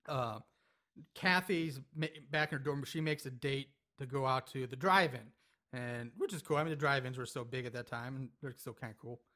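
A man casually recapping a movie scene by scene in a relaxed podcast chat, rambling and laughing and acting out lines from the film. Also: mid-range voice, moderate pace.

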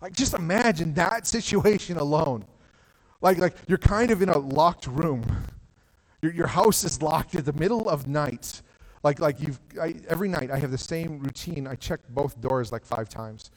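A pastor preaching a sermon from a stage, talking in a conversational way with frequent "like" and quick restarts. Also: male voice, fairly high pitch, long reverb tail, low-quality recording. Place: church stage.

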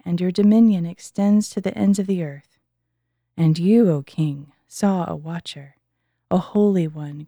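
Woman reading as a grave old-testament prophet explaining a king's dream, low mellow voice, close dry sound. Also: no echo, natural voice. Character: wise male prophet interpreting the king's dream.

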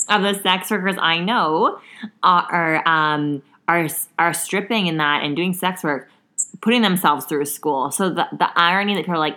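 A woman's voice: low voice, normal speed, sharp tone. A young adult woman speaking frankly and bluntly in a casual podcast chat, laughing easily. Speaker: sex worker, podcast co-host.

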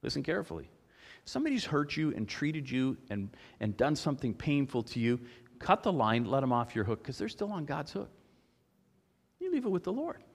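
A man preaching a sermon, telling stories with emphatic swings between loud and soft. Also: fairly high pitch, sing-song, moderate pace, vocal fry, breathy edge, big-room sound. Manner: storytelling, emphatic, rises and drops in volume.

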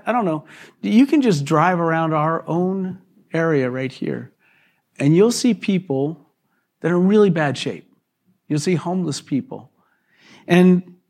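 Man preaching a conversational sermon. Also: sits high. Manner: conversational, animated storytelling. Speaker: pastor. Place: church service.

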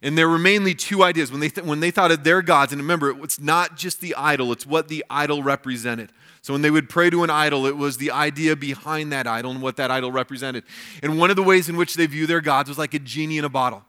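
Male pastor, bright forceful voice, reads and explains scripture. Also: fairly high pitch, quick pace. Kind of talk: sermon.

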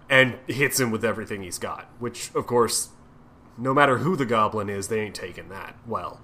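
A man with a bright, forceful voice talks through a comic-book plot on a podcast. He curses casually and jumps into the characters' lines while retelling. His pitch sits in the middle range. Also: moderate pace. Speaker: podcast co-host.

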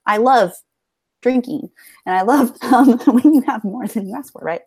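A woman's voice: fairly high pitch, moderate pace, dark tone, husky, dry recording. A young American woman chatting casually on a podcast, a bubbly storyteller who laughs often. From United States. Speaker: podcast guest. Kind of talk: casual chat.

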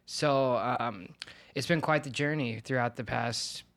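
A man's voice: mid-range voice, a little slow, fairly bright tone. A man in his thirties from Oregon, a podcast guest talking in a candid, reflective and hesitant way. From Oregon, USA. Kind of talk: casual podcast conversation.

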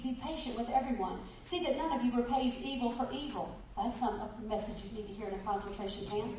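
A woman preaches with exuberant laughter, reading a story aloud and addressing the congregation directly. Her voice is on the high side and a little mellow, with a bit of hiss or hum, and it echoes from a distance in the room.

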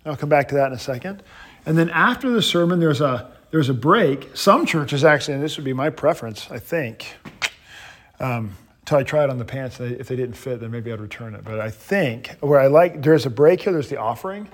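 A man, a pastor, teaching an adult class in a lively way, standing and moving about, often restarting his sentences. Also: mid-range voice, fairly quick. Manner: animated, paces while teaching, frequent restarts.

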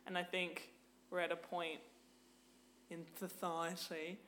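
A woman's voice: on the low side, slow pace, roomy sound, slight background noise. A young woman, a podcast guest, chatting casually, full of "like" and swearing freely. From Australia. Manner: animated, swears freely, lots of "like". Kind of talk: casual chat.

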